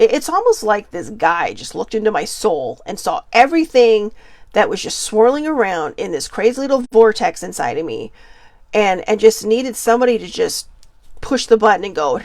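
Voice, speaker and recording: Podcast host, forties, female, gravelly edge, earnest and rambling, dry booth sound. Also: mid-range voice, no room sound. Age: 40s. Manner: rambling and earnest, many fillers and restarts. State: getting emotional. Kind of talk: casual personal monologue.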